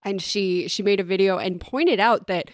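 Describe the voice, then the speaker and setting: A woman co-hosting a podcast, chatting thoughtfully with dry asides and often trailing off quietly. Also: mid-range voice, normal speed, dry recording. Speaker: podcast co-host. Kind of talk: casual chat.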